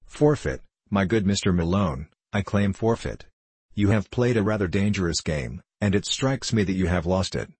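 A man's voice: deep voice, expressive, normal speed, darkish tone, slightly rough, no echo, heavily acted. A man voicing a sarcastic, blustering older professor in an audiobook reading. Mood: raging. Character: irascible older male professor, short and powerful.

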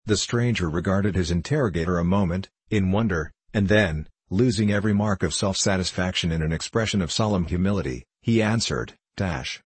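A man reading a novel aloud as an audiobook narrator at a measured, even pace. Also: deep voice, husky, dry recording.

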